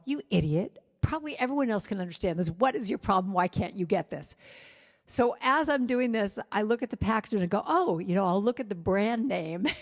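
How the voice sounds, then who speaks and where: Middle-aged woman reverend, candid storyteller, self-deprecating, mid-pitched, long hall reverb. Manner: candid and self-deprecating, soft when quoting gentle words. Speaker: reverend and singer-songwriter. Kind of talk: personal storytelling talk.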